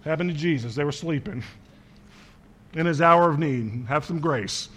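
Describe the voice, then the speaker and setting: A man's voice: on the high side, moderate pace, a bit bright. A man preaching a sermon as pastor, speaking earnestly and directly to his congregation and quoting scripture with small verbal slips.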